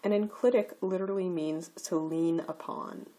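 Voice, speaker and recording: A woman teaching a recorded slide lecture, explaining grammar rules slowly and carefully. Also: on the low side, fairly even intonation, warm tone.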